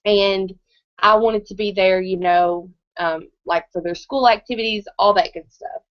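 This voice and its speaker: A woman's voice: medium pitch, steady tone, a little slow, no echo. A woman in her thirties giving a live presentation, telling her story in a chatty way and often checking in with the audience. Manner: conversational, keeps checking in with the audience. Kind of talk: live motivational testimony. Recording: dull, muffled, dry recording.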